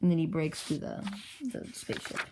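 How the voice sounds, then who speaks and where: A woman's voice: deep voice, animated, fairly quick, warm tone, a little hiss or hum, rough recording. A woman casually narrating her own comic into an iPad, rambling and chatty, poking fun at herself. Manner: rambling, chatty, self-mocking. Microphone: iPad with pop socket.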